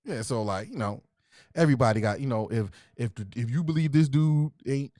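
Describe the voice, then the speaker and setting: A man's voice: medium pitch, a little fast, background noise. A man hosting a casual talk show, asking guests questions in a laid-back way and laughing often. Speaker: podcast host. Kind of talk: casual chat.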